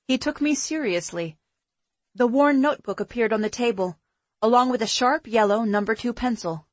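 A woman narrating a first-person audiobook in an even, measured reading. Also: on the high side, no room sound.

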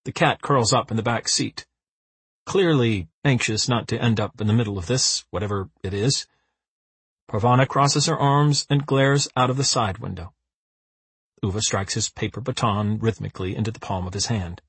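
A man narrating an audiobook with a lively, dry comic storytelling manner. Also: lowish voice, moderate pace, husky, no echo.

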